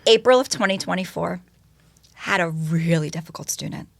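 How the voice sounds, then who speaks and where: A woman talking as a podcast guest, telling her story in an animated, expressive way and swearing casually. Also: on the low side, moderate pace, creaky. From United States.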